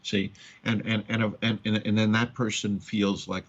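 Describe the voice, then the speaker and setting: A man hosting a counseling radio talk, speaking haltingly with many repeated words and acting out quoted parents. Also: fairly low pitch, little pitch movement. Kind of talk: radio talk on addiction and trauma. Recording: dull lo-fi radio audio.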